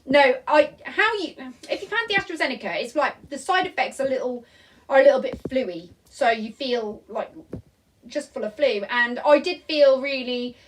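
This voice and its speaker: A woman's voice: high-pitched, expressive, normal speed, distant mic, low-quality recording. A woman hosting a live Q&A from home, chatting in a rambling, apologetic way with lots of "um" and "like", reading viewer comments aloud into a tablet. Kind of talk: casual live-stream chat. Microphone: tablet recording.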